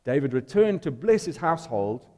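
A man's voice: medium pitch, big pitch swings, normal speed, mellow, long reverb tail. A man preaching a sermon in a conversational, storytelling way, putting questions to the congregation.

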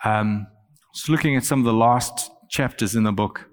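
A man preaching a sermon, earnest, growing animated as he quotes scripture. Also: medium pitch, moderate pace, big-room sound. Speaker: pastor.

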